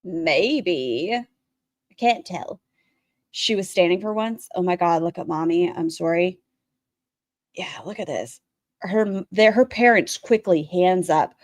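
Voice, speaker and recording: A woman giving blunt, crude, sarcastic commentary on a livestream she is watching, breaking into high mocking voices. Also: slow pace, pauses often, darkish tone, dry recording, clean studio sound. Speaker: commentary streamer reacting to a livestream. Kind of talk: casual reaction commentary.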